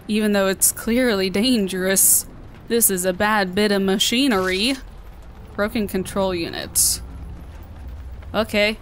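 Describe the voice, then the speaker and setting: A woman's voice: medium pitch, fairly bright tone, a little hiss or hum. Chatty Southern American woman gamer. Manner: chatty, playful, talking to herself. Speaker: gaming video host. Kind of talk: let's play commentary.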